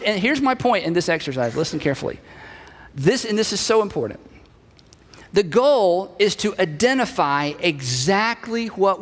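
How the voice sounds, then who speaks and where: A man's voice: sits high, fairly bright tone. A middle-aged man preaching a sermon in a conversational way, repeating key phrases and acting out bits of dialogue. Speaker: pastor. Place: church sanctuary. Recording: reverberant church hall.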